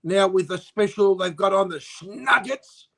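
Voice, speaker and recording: A man's voice: high voice, fairly even intonation, a little slow, creaky. A man co-hosting a casual sports podcast, easygoing and wry. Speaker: podcast co-host.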